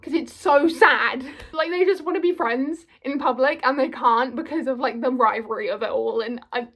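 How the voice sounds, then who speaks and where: A young woman talks straight to her viewers in an eager, rambling vlog. Her voice sits high, and she peppers every thought with "like" as she gushes. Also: moderate pace, a bit bright. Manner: gushing, filler-heavy, full of "like". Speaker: vlogger. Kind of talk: casual vlog chat.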